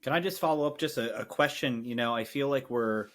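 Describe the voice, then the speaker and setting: A man's voice: medium pitch, a little fast. A man hosting an education podcast who asks long, rambling questions full of fillers. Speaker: podcast host. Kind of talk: casual podcast conversation.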